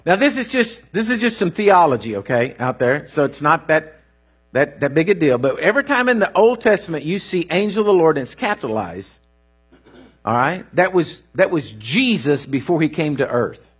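This is a middle-aged man preaching a sermon. His voice sits high and sounds husky. He tells folksy stories with lively swings of pitch and sudden rising bursts. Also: normal speed. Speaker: pastor.

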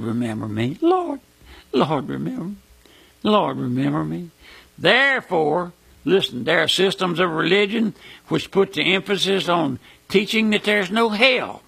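A male preacher with a fairly high, gravelly voice that has a raspy edge and a bright, forceful tone. He delivers his sermon emphatically, rising to loud peaks and then sinking to low, intense murmurs.

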